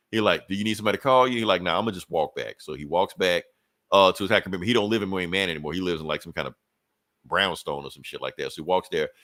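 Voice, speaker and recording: Podcast host, man, lowish voice, rambling, cussing, dry close mic. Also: fairly bright tone, no echo. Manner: profane, rambling retelling with quick voiced asides. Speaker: podcast co-host recapping a comic. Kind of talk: casual comic book recap chat.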